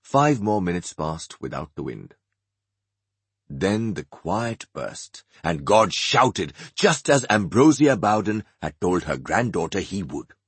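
Slow, husky male audiobook narrator. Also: sits low, big pitch swings, no room sound.

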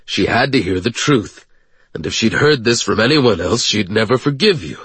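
A man voicing a weary, kindly older male rebel leader who speaks in a gentle, fatherly, quietly wounded way. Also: on the low side, expressive, normal speed, slightly rough, no room sound, full character voice. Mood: earnest.

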